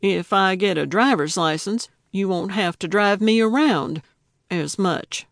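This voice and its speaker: A woman's voice: medium pitch, measured pace, creaky, no echo, clean studio sound. A woman reading an audiobook, voicing a feisty, indignant elderly woman who fancies herself a detective. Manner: indignant, emphatic.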